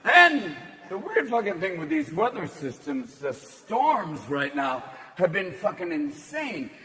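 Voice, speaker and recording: Manic high-pitched male stand-up comic. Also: wildly swooping pitch, takes it slowly. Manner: manic, shouting, jumps between voices. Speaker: stand-up comedian. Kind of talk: stand-up comedy with rapid character voices. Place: large theater stage. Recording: big hall, loud crowd laughing.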